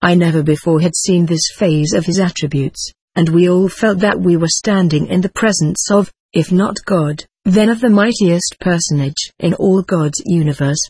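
A reader voicing Helen, a loving female spirit writing to her husband, reading channeled spirit letters aloud in a tender, measured way. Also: mid-range voice, a little mellow, breathy edge, dry recording.

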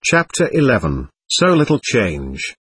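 A man narrating an audiobook in a measured, even reading style. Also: mid-range voice, husky, dry recording.

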